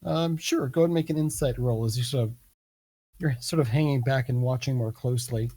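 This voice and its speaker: A man narrating a tabletop game as game master, relaxed and hesitant with many fillers. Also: mid-range voice, brisk, slightly rough.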